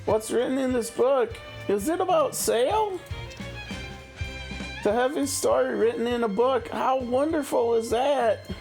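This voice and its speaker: A man's voice: very high-pitched, measured pace, vocal fry, over music, pitched above the performer's own voice, exaggerated voice. A man voicing a sweet, bubbly young woman traveler in a game, gushing and polite. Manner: gushing, polite, wide-eyed.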